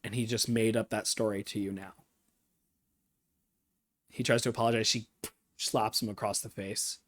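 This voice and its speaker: A man streaming live, recapping and analyzing a TV episode with excitable, emotional fan reactions and rambling asides. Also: lowish voice, normal speed.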